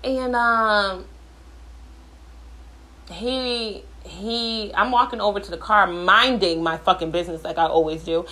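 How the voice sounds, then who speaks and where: A woman's voice: medium pitch, fairly even intonation, measured pace, bright, forceful tone. A woman in her thirties venting in a casual storytime, blunt and profane, talking from her bathroom at home.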